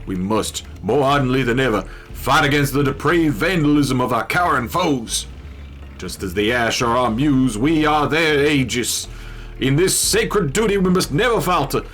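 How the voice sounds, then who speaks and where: A man's voice: medium pitch, animated, moderate pace, fairly bright tone, voice pushed up, close to an everyday voice. Man putting on a Southern-accented tree-cult preacher. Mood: solemn, grandiose. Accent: Southern US put-on. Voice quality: grandiose, sermonizing. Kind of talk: reading game text aloud in character.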